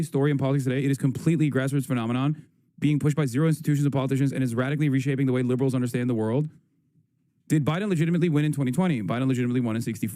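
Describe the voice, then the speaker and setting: A man streaming live, reading posts aloud and joking in quick casual talk. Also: medium pitch, mellow, no room sound. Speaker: livestreamer. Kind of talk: casual livestream commentary.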